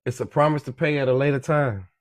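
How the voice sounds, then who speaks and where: A man's voice: medium pitch, fast talker, no echo, studio quality. A man giving a casual, profane, preachy monologue about money as a social media commentator, often calling listeners "beloved". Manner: profane, preachy, repeats "you dig me" and "beloved".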